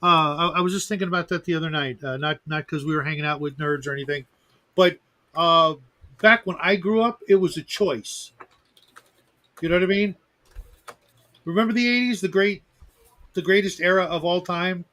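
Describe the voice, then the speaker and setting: Middle-aged man, podcast host, high voice, stammering restarts. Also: moderate pace, pauses often, bright, forceful tone. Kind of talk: casual chat.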